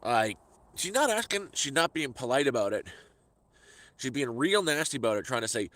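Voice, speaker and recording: A middle-aged man vents through a casual vlog story into a handheld phone, stumbling over repeated words as his frustration builds. His voice is bright and forward, with a mid-range pitch. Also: sing-song, normal speed, dry recording. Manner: exasperated, ranting, repeats words. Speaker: vlogger. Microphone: phone held by hand.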